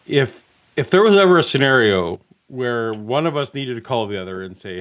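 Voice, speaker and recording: A man's voice: mid-range voice, expressive, fairly bright tone. A man hosting a live stream, talking casually and hesitantly, with frequent restarts. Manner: hesitant, halting. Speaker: host.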